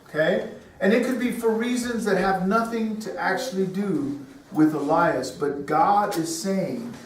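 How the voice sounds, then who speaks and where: A middle-aged man with a high voice gives a children's sermon in a church room full of kids, constantly asking them questions and tagging lines with "okay?" and "right?" The room is echoey, the mic far away, with a little hiss or hum.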